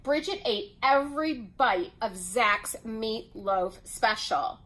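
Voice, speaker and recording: A woman reads a children's picture book aloud at an unhurried pace. Her voice sits high and rises and falls with plenty of expression, and she lets each sentence land. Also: expressive, fairly bright tone, rough recording. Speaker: storyteller.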